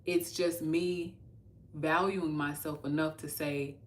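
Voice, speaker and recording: A woman's voice: sits low, level tone, slow, a little hiss or hum. A woman in her thirties from Texas, hosting a casual livestream and talking earnestly to her viewers. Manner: earnest, talks to viewers as y'all. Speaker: livestream host.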